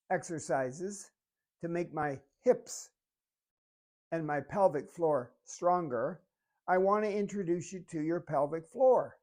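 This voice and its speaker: Calm fitness instructor coaching seniors. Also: mid-range voice. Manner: calm, step-by-step coaching while demonstrating. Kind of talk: exercise instruction video.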